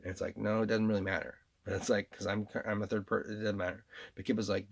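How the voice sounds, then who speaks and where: Gravelly low-voiced man with a New York accent. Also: flat delivery, fast talker. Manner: rambling and repetitive, with frequent restarts and laughs. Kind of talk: rambling spoken monologue addressed to absent listeners.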